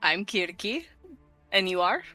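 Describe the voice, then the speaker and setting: A woman's voice: mid-range voice, big pitch swings, normal speed, sharp tone, faint music behind. A woman playing a tabletop game, speaking casually and bluntly and saying "like" a lot. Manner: casual, blunt, with many likes. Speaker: player.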